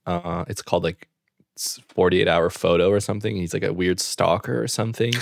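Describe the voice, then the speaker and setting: Deep-voiced man rambling in casual chat. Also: steady tone, brisk, creaky, no room sound, studio quality. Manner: rambling, loose, full of fillers. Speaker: podcast co-host.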